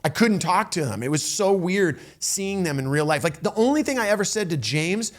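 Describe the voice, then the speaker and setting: A middle-aged man telling a story in a casual, animated way, with many restarts and acted-out quotes. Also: high-pitched, moderate pace. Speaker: storyteller recounting a tour.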